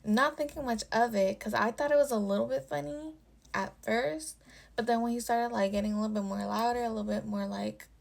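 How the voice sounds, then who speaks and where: A young woman with a highish, creaky voice tells a personal story on her casual vlog, speaking fairly quickly in a steady tone. She swears freely and packs her speech with constant "like" fillers.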